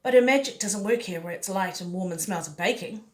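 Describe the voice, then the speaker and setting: A woman's voice: medium pitch, fairly quick, recorded from a distance, lightly acted. A woman voicing an earnest, brave little boy who speaks with urgent sincerity.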